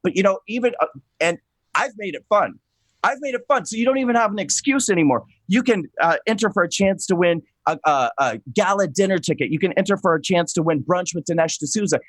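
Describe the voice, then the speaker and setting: A man hosting a political talk show, excitable and gushing, rambling with many restarts and self-corrections. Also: high-pitched, a little fast, no echo, rough recording. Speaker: host.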